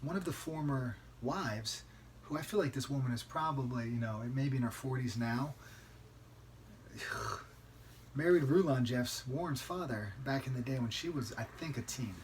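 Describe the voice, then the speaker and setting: A man hosting a solo podcast, telling a story in a conversational, emphatic way and often tagging a quick "right?" onto his sentences. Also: medium pitch, a little hiss or hum. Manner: conversational, keeps asking "right?"; emphatic, outraged. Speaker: podcast host.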